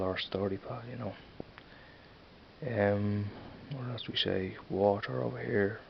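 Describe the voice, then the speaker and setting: A man's voice: fairly low pitch, steady tone, unhurried, vocal fry, highs cut off, slight background noise. A man with a Dublin accent chatting casually in a home vlog, rambling and repeating "you know what I mean". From Ireland. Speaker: vlogger. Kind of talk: casual accent tag video.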